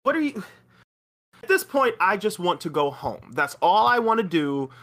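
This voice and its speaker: Man, 30s, guest on a chat podcast; high, sharp voice, swears freely, acts out quotes mid-story. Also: moderate pace. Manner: animated, profane, acts out quoted lines.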